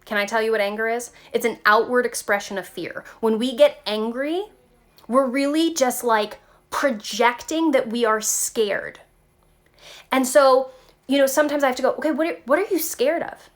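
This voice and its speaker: A woman with a slightly high voice gives an informal spiritual talk directly to her viewers at a moderate pace. Lively and chatty, she peppers her speech with "like" and "okay," sounding like a vlogger thinking aloud.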